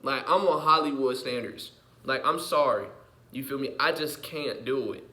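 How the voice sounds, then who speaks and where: A male vlogger launches into an unscripted, heated rant full of profanity, repeating himself and swinging between muttering and yelling. His voice is medium-pitched at a moderate pace.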